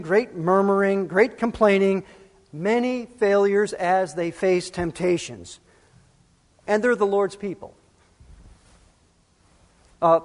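A man's voice: sits high, a little mellow, in a large hall. A man preaching a sermon as pastor, emphatic and full of rhetorical questions.

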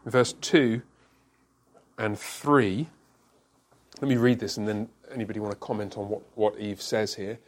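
A man's voice: fairly low pitch, steady tone, moderate pace. A man leading a Bible study group. He asks the group questions and explains each point step by step, using everyday examples.

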